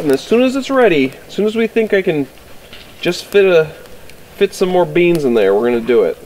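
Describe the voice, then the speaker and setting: Casual outdoorsy man, lively swinging pitch, easygoing and rambling, faint hiss behind. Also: fairly quick, rough recording. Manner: relaxed, rambling, laughs often. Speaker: outdoor vlogger. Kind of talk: casual chat at camp. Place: winter campsite outdoors.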